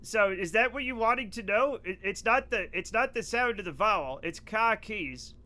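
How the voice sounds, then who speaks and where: A man's voice: sits high, expressive, a little fast, pushed and bright. A man with a New England accent chatting casually and animatedly on a live game stream, joking with his viewers. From northeastern United States.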